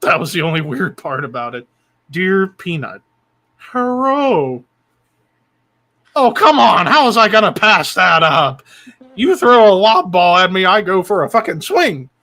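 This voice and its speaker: A young man hosting a live stream, retelling a comedy bit in casual, swear-heavy chat. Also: high voice. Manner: animated, swears a lot, jumps into bits with funny voices. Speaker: stream host.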